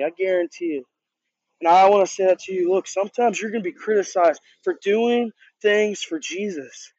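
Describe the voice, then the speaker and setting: A man's voice: sits high, moderate pace, darkish tone, slightly rough, no echo. A man who leads a youth group, giving a casual sermon in an earnest, conversational way, often restarting and repeating words. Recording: dull, dry lo-fi recording.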